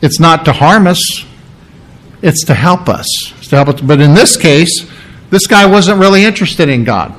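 A man's voice: fairly high pitch, expressive, normal speed, fairly bright tone, low-quality recording. A man preaching a sermon, explaining scripture word by word in an earnest, teacherly way and repeating key phrases for emphasis. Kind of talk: sermon with Bible reading.

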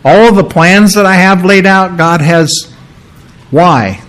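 Earnest preacher man, slightly high voice. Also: takes it slowly, a bit bright, poor audio. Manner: earnest, repeats key phrases for emphasis; explains scripture word by word, teacherly. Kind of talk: sermon with Bible reading.

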